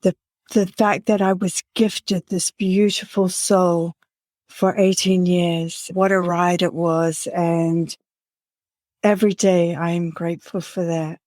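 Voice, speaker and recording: Slow, measured woman podcast host. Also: lowish voice, flat delivery, dry recording, clean studio sound. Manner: slow, measured, warm and reflective. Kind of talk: conversational interview.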